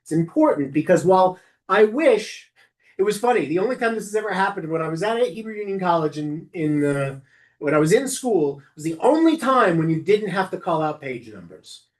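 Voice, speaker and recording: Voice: mid-range voice, expressive, brisk. Conversational rabbi teaching a class. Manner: conversational, with frequent self-corrections and asides. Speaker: rabbi teaching lay service leaders. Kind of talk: instructional class talk.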